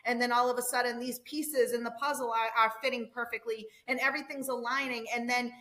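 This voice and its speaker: A woman's voice: on the high side, steady tone, a little fast, pushed and bright. A woman with a Boston accent co-hosting a faith podcast, talking earnestly and feeling her way through her thoughts. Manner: earnest, searching for words. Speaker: podcast co-host. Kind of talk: casual chat.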